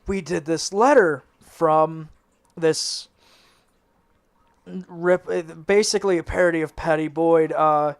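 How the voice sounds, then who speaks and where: A man in a band telling a rambling story in a casual interview, laughing and swearing as he goes. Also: on the high side. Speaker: band member. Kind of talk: casual anecdote.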